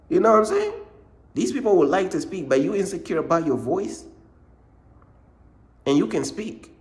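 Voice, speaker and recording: A man's voice: on the high side, sing-song, moderate pace. A man giving a casual, informal faith pep talk in slangy speech, repeating his points and often calling the listener "bruh". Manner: repetitive, informal slang, says "bruh" a lot; emphatic, circles back to points. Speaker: ministry channel host.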